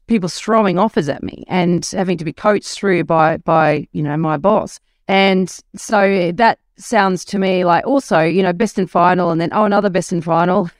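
A podcast host reflecting on a guest's story in relaxed chat. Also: medium pitch, no room sound, studio quality.

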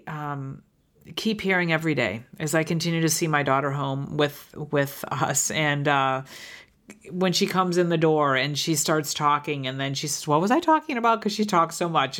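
A woman's voice: low-pitched, a bit bright. Earnest woman in her fifties. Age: 50s. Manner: earnest and heartfelt, with frequent restarts and fillers. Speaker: podcast host. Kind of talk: reflective podcast monologue.

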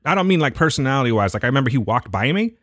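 A man's voice: medium pitch, big pitch swings, rapid-fire, over a noisy crowd. A man co-hosting a podcast, telling jokey stories and swearing casually as he riffs. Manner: joking, storytelling, swears casually. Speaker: podcast co-host.

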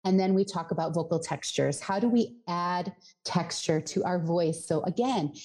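A woman's voice: on the low side, moderate pace, few pauses, darkish tone. A woman from Colorado who coaches voice and singing, explaining in a podcast interview and sometimes demonstrating with her own voice.

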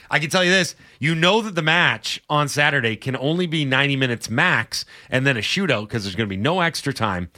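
Male sports radio co-host, crisp bright tone, dry close mic, wry banter. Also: medium pitch, dry recording. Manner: wry, laughs between lines. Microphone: close studio mic.

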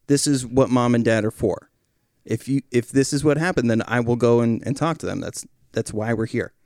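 A man in his thirties calmly tells a story on a podcast, with a mid-range voice that jumps up when he quotes someone else. It is recorded close and dry with no room sound. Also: medium pitch, no echo. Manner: calm, measured, quotes others in raised voice. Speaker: podcast guest, father. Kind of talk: casual chat, storytelling.

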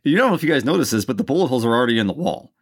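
A man co-hosting a casual movie podcast, excitable and swearing freely as he recaps scenes. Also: mid-range voice, very fast, a crowd in the background. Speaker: podcast co-host.

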